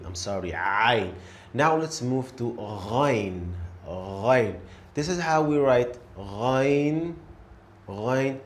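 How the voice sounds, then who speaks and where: Patient male teacher, slow and clear, mid pitch. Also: a little hiss or hum. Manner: encouraging, repeats each letter slowly and clearly. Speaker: Arabic teacher. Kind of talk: beginner pronunciation lesson.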